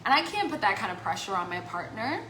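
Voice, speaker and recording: A woman life coach talking casually to the camera, animated, acting out voices in the quotes she gives. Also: mid-range voice, fast talker, roomy sound, a little hiss or hum, low-quality recording. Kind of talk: casual vlog talk.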